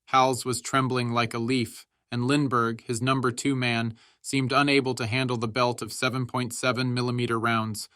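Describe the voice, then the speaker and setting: A man reading a war memoir aloud as dramatic audiobook narration, raising his voice for the soldiers' shouts. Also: flat delivery, moderate pace, few pauses, dry recording, clean studio sound. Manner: shouts quoted soldiers' lines with raised pitch.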